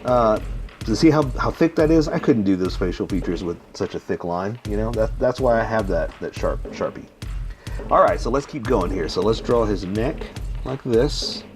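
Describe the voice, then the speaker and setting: A man narrating each stroke of a step-by-step drawing lesson, rambling a little with many pauses and fillers. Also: lowish voice, lively intonation, soft background music. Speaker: drawing instructor. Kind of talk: casual step-by-step drawing tutorial.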